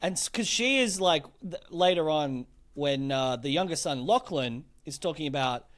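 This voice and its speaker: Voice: medium pitch, lively intonation, moderate pace, fairly bright tone. A podcast co-host in a casual chat. This speaker mostly adds short agreements, then steps in to set details straight.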